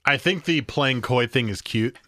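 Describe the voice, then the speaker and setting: A man from the co-hosting a podcast, teasing and quick to laugh in casual chat. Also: mid-range voice, fairly bright tone, dry recording, studio quality. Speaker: podcast co-host.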